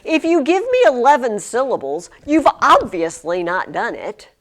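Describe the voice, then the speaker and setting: An animated woman teaching a class, her voice sitting a little high and swinging widely in pitch. She talks emphatically, often restarting words as she presses her point. The sound is from a recording device in a curtained classroom. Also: normal speed. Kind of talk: classroom lesson.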